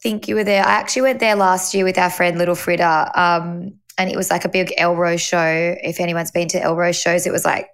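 A woman co-hosting a podcast, recounting her week in relaxed, teasing casual chat. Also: on the low side, brisk, few pauses, clear, resonant tone. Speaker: podcast co-host.

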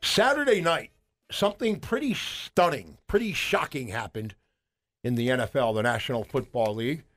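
A man co-hosting a radio show, telling stories in an animated way, with fillers and restarts. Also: mid-range voice, normal speed. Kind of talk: casual radio chat.

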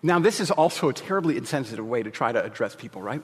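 Male pastor, sermon, candid and jokey, medium pitch, long hall reverb. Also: animated, fast, a little hiss or hum.

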